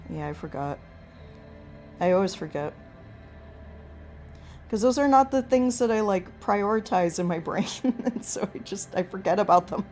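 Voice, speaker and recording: A woman hosts a live watercolor painting stream, chatting casually and answering viewers' comments in a rambling, self-deprecating way. Her mid-range, darkish voice moves at a moderate pace with frequent pauses, sounding slightly whiny and pleading, with faint music behind her.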